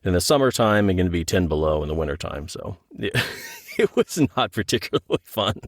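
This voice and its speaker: Male guest, low register, lively self-mocking humor. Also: fairly quick, dry recording, studio quality. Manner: joking, self-deprecating, animated. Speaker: interview guest, audiobook narrator and author. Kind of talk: casual interview chat.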